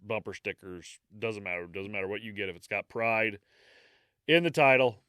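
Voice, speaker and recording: Man, low-ish smooth voice, podcast co-host, easygoing and teasing, casual chat, dry close sound. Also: moderate pace, sharp tone, no echo. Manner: teasing, laughs often, easygoing.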